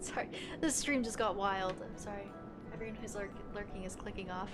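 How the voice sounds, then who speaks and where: A young woman live-streaming a game, chatting casually with viewers in an excitable, self-deprecating way. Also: mid-range voice, a little fast. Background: game music.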